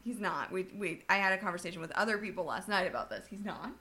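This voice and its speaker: A young woman from Bakersfield leading a casual podcast chat, working through a list and gushing freely. Her voice is bright, with a middle pitch. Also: animated, quick pace, a little hiss or hum. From Bakersfield, California. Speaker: podcast co-host.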